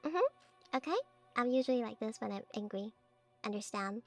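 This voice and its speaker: A woman's voice: a little high, animated, normal speed, faint music behind. A woman VTuber chatting playfully on stream, teasing her viewers in a cult-priestess persona. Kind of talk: playful stream chat showing off her avatar.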